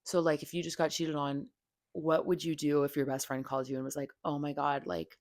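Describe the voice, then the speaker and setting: Speaking fairly quickly in a low, steady, slightly mellow voice, this young adult woman hosts a podcast and gives a frank opinion monologue. She's blunt, leans heavily on "like," and swears freely. The sound is dry and studio-clean.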